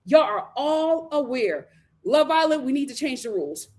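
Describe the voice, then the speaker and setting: A woman hosting a live recap show, animated and opinionated as she gives her commentary. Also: high-pitched, normal speed. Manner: animated, opinionated, acts out quotes. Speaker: host.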